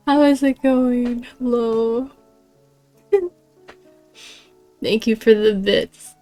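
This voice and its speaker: A woman's voice: a little high, very slow, pauses often, darkish tone, faint music behind. Giggly woman game streamer. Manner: giggly, bubbly, reads chat aloud. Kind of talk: casual live-stream chat.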